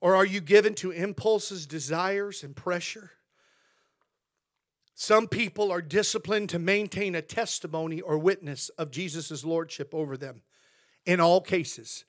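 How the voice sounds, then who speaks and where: A male American pastor preaching a sermon, moving between quiet asides and loud, emphatic declarations, with a folksy storytelling manner. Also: sits high, measured pace.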